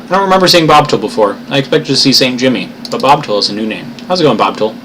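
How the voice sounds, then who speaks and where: A man's voice: medium pitch, expressive. Playful man streaming with a noisy mic. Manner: playful, greets chat viewers, reads aloud slowly. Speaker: live streamer. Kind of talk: casual stream chat and story reading.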